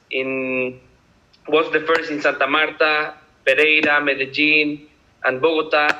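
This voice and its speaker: Bright-voiced man, hesitant English. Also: fairly high pitch, lo-fi sound, a little hiss or hum. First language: Spanish. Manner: hesitant, searching for words in English. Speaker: guest speaker from the office. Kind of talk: online video call talk.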